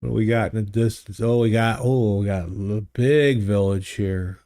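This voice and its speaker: A man hosting a livestream, chatting casually and thinking aloud in a halting, easygoing way while playing a geography game. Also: fairly low pitch, steady tone, dark tone. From United States. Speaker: livestream host. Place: home streaming studio. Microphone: studio desk microphone.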